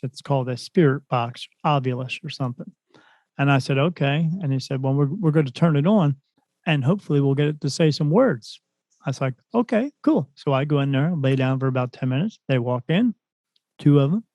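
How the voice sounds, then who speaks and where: A man who is a spirit medium tells a story as a podcast guest, retelling events animatedly in a casual way and acting out other people's lines. His voice is medium-pitched, with no room sound.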